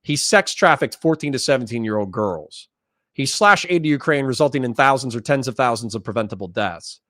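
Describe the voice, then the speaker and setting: A man's voice: mid-range voice, animated, sharp tone, dry recording, studio quality. A man hosting a political stream, ranting angrily and swearing as he argues with callers. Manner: angry, profane, rapid ranting. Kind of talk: heated political debate.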